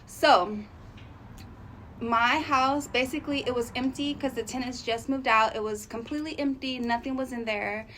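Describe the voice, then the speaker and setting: A woman telling a casual storytime on her vlog, chatty and animated with lots of fillers. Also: sits high, normal speed, a little hiss or hum, poor audio. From Arizona, USA. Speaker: vlogger.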